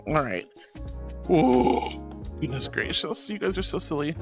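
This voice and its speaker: A woman streaming as a VTuber, chatting casually and playfully with her viewers and teasing them in squeaky, cutesy tones. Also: big pitch swings, a little slow, a little mellow, faint music behind. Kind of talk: casual live-stream chat.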